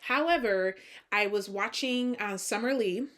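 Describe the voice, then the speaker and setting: A woman's voice: medium pitch, a little slow, fairly bright tone. Tired chatty woman with a slight Southern twang. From Georgia, US. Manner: chatty, laughs often, self-deprecating. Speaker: host. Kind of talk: casual knitting vlog chat.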